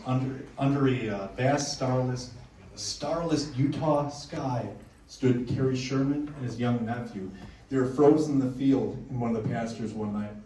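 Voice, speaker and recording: A man's voice: medium pitch, dark tone, a little hiss or hum. Man telling ghost stories in an echoey hall. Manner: casual, joking storyteller with restarts. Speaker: conference presenter. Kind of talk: storytelling talk to a live audience. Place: packed conference room. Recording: echoey room, heard from far off.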